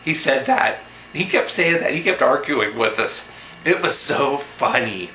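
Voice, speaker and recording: A man's voice: medium pitch, expressive, a little slow, bright, forceful tone, slight background noise. Rambling man telling a story in an echoey room. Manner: rambling, repetitive, amused. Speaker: vlogger. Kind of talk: casual storytelling.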